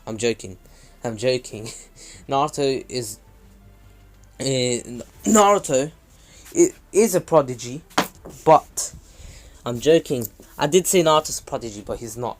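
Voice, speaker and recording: A man's voice: mid-range voice, animated, unhurried, long pauses, faint music behind. Casual male narrator for a fan retelling, rambly, jokey asides. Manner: rambling, many fillers and restarts, jokey asides.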